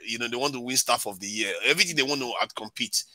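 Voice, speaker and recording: A man's voice: medium pitch, fast talker, no echo. A man from Nigeria with a Nigerian accent, telling stories in a casual panel chat and laughing often. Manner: laughs often, animated storytelling.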